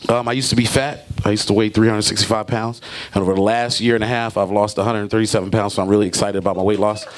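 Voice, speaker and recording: A man doing a stand-up comedy set, jokey and animated, acting out characters in loud bursts. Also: fairly low pitch, quick pace. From Brooklyn, New York.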